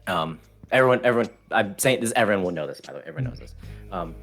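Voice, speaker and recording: A young man narrating as game master of a tabletop game, relaxed and halting with many fillers. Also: lowish voice, faint music behind.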